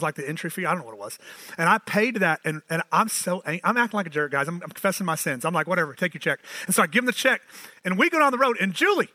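A man, preaching a sermon as pastor, animated and storytelling with self-mocking asides. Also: high voice, no echo.

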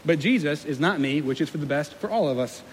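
A young male pastor with a high voice delivers a casual, self-deprecating sermon, now and then slipping into voices to act out quotes. His words ring with a long hall reverb, and a faint hum of room noise sits under them. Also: expressive, fast talker.

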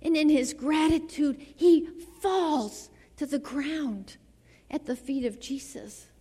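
A woman preaching a sermon to a church. She delivers it dramatically, dropping to soft near-whispers and then rising to fervent exclamations. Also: sits high, lively intonation, slow. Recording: long reverb of a large hall.

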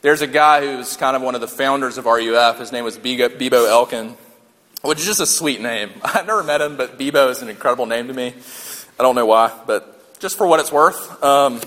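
A man's voice: mid-range voice, brisk, a bit bright. A man preaching a sermon in a conversational way, repeating key lines for emphasis and joking along the way. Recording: long hall reverb.

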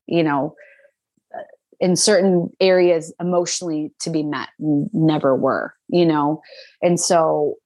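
A young woman telling her personal faith testimony in an interview, animated and full of fillers, acting out what others said. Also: on the low side, no room sound. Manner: animated storytelling, acts out quotes, many fillers. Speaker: guest.

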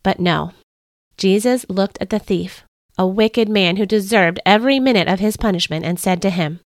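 A woman's voice: medium pitch, moderate pace, no room sound. Woman podcast host reading her devotional story, earnest, dry close mic. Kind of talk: scripted first-person story narration.

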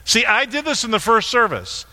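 Male pastor, high bright voice, chatty sermon with asides to a helper, long hall reverb. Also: very animated, moderate pace. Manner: conversational, joking aside with a helper on stage. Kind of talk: sermon with props. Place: church sanctuary.

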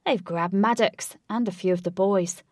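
A woman's voice: medium pitch, normal speed, dry recording, clean studio sound, far from the mic, natural voice. A woman voicing a streetwise young brawler. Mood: insistent. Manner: casual, streetwise, insistent. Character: loyal young male brawler, street-tough.

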